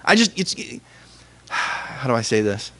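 A young man, a pastor, giving an earnest sermon with emphatic pauses. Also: mid-range voice, big pitch swings, bright, forceful tone.

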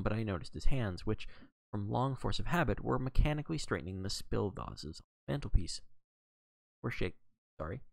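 A man reading a novel aloud on a livestream, steady, with occasional slips he corrects. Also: fairly low pitch, a little fast, vocal fry, no echo. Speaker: audiobook reader.

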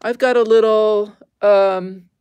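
A woman's voice: medium pitch, steady tone, slow, darkish tone, smooth, no room sound, highs cut off. A woman hosting a casual craft livestream, chatting with viewers, easily amused and squeamish, laughing and exclaiming. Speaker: livestream host.

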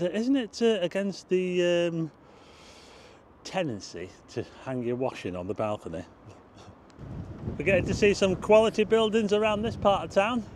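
Out on the streets of a town, a man narrates a casual walking tour in a medium-pitched voice, with background noise audible. Chatty and calling his audience folks, he exclaims at what he sees.

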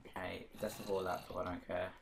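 A man's voice: sits low, little pitch movement, a little fast, creaky, background noise. A man chatting casually while playing a game, easily startled and shrieking at monsters. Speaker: gamer co-host. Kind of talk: casual let's-play chat.

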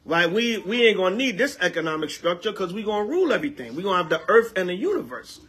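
An elder preaches in an easygoing yet animated style, exchanging call-and-response with the gathered group and repeating lines for weight. His voice sits high and slightly rough, at a quick pace.

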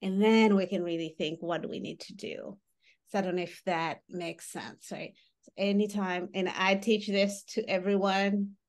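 A woman's voice: medium pitch, fairly even intonation, moderate pace. Woman trainer, chatty teaching tone. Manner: explains with everyday examples, often checks in with "right?". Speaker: workshop trainer. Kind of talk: conversational teaching talk.

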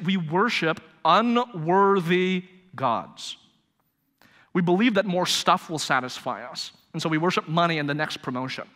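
A man's voice: high-pitched, pushed and bright. A male pastor preaching a live sermon, telling a story and pressing his points with rhetorical emphasis. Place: church sanctuary, live service. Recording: reverberant church hall.

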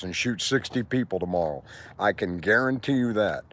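Man in his 60s, live stream from a park, preachy and profane, lively pitch. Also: normal speed. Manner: preachy, profane, talks to viewers and passers-by. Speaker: livestreamer. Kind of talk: rambling outdoor live stream. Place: outdoor park.

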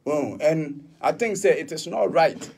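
A man's voice: on the high side, a little slow, gravelly, darkish tone, a little hiss or hum. A Ghanaian man answering interview questions, defiant and emphatic, switching between English and Twi. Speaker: musician interviewee.

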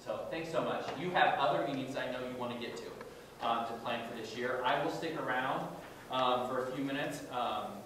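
An earnest man speaks haltingly from far off across a large, echoing room. His talk is full of fillers and restarts, and a steady background noise runs under it. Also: mid-range voice. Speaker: guest speaker. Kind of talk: talk with audience questions. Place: large echoey meeting room. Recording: echoey room from far off, noisy.

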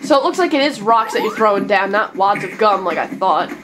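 A woman's voice: medium pitch, expressive, brisk. A woman reviewing video games in casual commentary, exasperated and sarcastic, laughing in disbelief at what she plays. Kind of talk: casual commentary over gameplay. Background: game music.

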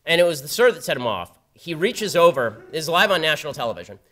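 Fast-talking sardonic man, higher voice. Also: very animated, a bit bright. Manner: rapid, sardonic storytelling. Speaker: guest speaker at a campus event. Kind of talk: public talk with a told anecdote. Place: university event before a live audience.

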